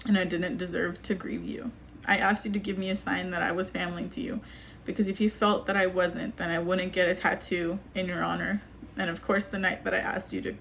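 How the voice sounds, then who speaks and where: A young woman reading a personal letter aloud to camera, halting and grieving, with frequent restarts. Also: medium pitch, vocal fry, slight background noise. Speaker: vlogger.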